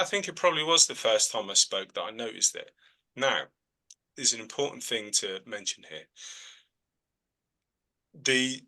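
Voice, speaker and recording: A man's voice: on the low side, bright, forceful tone, rough recording. A man who works as a trance medium, answering students' questions in a chatty teaching manner. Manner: chatty, frequent "all right?" check-ins. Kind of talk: relaxed teaching in a video call.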